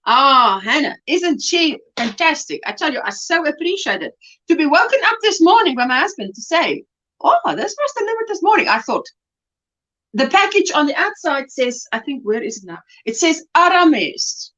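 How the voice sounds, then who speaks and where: A middle-aged South African woman hosts a casual livestream, chatting away and reading comments with lots of greetings and fillers. Her voice sits high and is very animated, pushed and bright, at a moderate pace. The stream audio is lo-fi and slightly dull.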